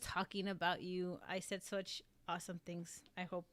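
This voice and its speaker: A woman's voice: on the low side, flat delivery, unhurried, fairly bright tone. A woman hosting a casual livestream, gushing about favorite voice actors in a rambling way, with lots of "like". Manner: gushing and rambling, heavy use of "like". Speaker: livestream host.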